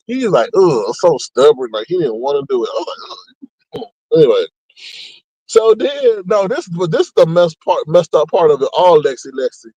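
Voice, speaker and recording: A man hosting a casual gossip commentary, talking in a mocking, animated way and acting out what people said. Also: brisk, slightly rough, no echo, muffled recording. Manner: animated, mocking, acts out quotes with big pitch jumps. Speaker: commentary channel host.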